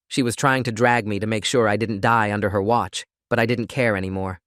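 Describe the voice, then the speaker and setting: A man narrates a first-person story in a steady, scripted reading voice. His pitch sits on the low side, and the sound is dry and close with no room echo. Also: brisk, few pauses.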